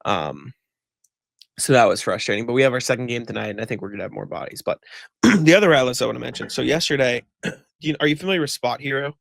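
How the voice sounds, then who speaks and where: Gravelly man ranting on a podcast. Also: mid-range voice, fast talker, a bit bright, no room sound. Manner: rambling storytelling with many "like" fillers and swearing; exasperated ranting. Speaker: podcast co-host. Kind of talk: casual chat.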